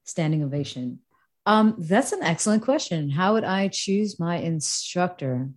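A woman's voice: lowish voice, a little slow. Giggly woman podcast co-host. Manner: giggly, laughs often mid-sentence; expressive, acts out her own reactions. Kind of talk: casual podcast chat.

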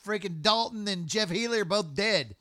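Man co-host, high and bright, profane exclamations, dry close sound. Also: moderate pace, no room sound. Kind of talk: casual chat.

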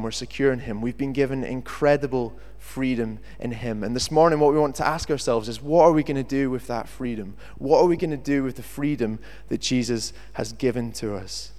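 A young British man preaching a sermon, reading scripture and then talking in a lively, chatty way with jokey asides. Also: medium pitch. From Britain. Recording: long hall reverb.

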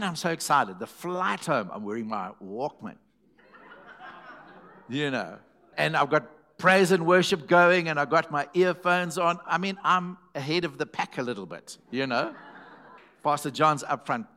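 A man's voice: on the high side, animated, unhurried, pushed and bright. A middle-aged man, a pastor telling a story in a sermon, acting out the voices he quotes.

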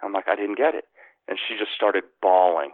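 A man's voice: low voice, a little fast, no echo. A man spins a long, rambling story about his career, full of restarts and fillers. His voice reaches us over a narrow, tinny phone-like line. The sound is dry, with no room around it. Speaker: sports radio host, former actor. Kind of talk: casual storytelling interview.

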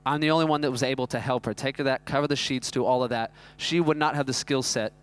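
A man, preaching a sermon that is built around a self-mocking personal story told in an animated way. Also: medium pitch, quick pace, clear, resonant tone. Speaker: pastor.

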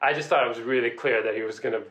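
A young man telling a story in casual chat, animated, laughing and acting out quotes. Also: mid-range voice, rapid-fire, reverberant.

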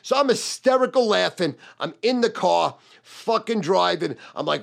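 A man telling a wild personal story in a brash, profane, loud and boastful way. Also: high voice, animated, normal speed, gravelly, hardly any pauses. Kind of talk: storytelling monologue.

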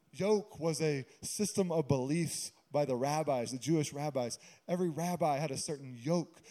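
Guy preaching a sermon, kinda high voice but warm, chatty and jokey. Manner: conversational preaching with humorous asides. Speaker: pastor.

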